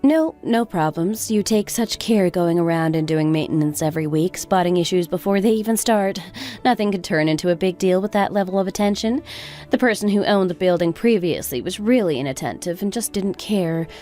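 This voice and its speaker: A woman playing a sharp-tongued, scornful older mother-in-law who talks in a sarcastic, scolding way. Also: lowish voice, a little fast, close to an everyday voice. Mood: flattering. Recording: faint background music.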